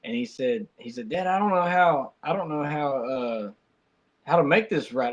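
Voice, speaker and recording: A man's voice: fairly high pitch, animated, moderate pace, low-quality recording. A man hosting a podcast, telling family stories in a loose, colloquial way with frequent restarts. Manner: rambling storyteller, colloquial, many restarts. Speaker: podcast host. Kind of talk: casual chat.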